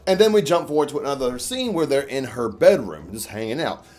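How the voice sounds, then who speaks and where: A man's voice: mid-range voice, very animated, fairly quick, a little mellow, soft background music. A man giving a casual, crude and jokey review monologue, often acting out quoted lines. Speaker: YouTuber reviewing manga.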